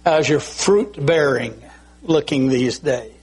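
An older man preaching a sermon slowly and deliberately, often pausing to clear his throat. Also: mid-range voice, low-quality recording. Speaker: pastor.

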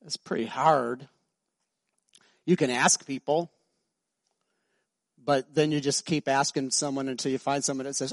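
A male pastor preaching a sermon, swinging between soft, slow passages and loud, emphatic high-pitched stretches. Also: fairly even intonation, dry recording, studio quality.

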